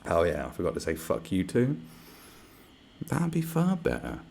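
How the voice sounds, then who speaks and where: A man's voice: fairly low pitch, huge pitch swings, normal speed, creaky, darkish tone, slight background noise. A man ranting to camera, sarcastic and mocking, swearing a lot. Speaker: vlogger. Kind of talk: angry profane rant.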